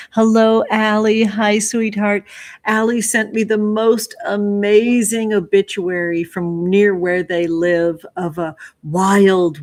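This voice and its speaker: A woman hosting a casual tarot livestream, greeting viewers one by one with effusive, affectionate warmth and calling them sweetheart. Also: medium pitch. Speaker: livestream host, tarot reader.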